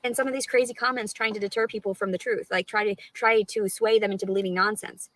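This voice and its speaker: A woman's voice: mid-range voice, fairly even intonation, quick pace, a bit bright, no echo, rough recording. A woman talking straight to her live stream audience, rambling and swearing a lot, with an aggrieved tone. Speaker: livestreamer.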